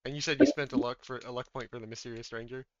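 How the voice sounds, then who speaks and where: A man in the game master's chair, narrating a tabletop game in a casual, chatty, upbeat way. His voice is smooth and clear, sitting at a middle pitch. The recording is dry and a little muffled. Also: steady tone, racing, dry recording.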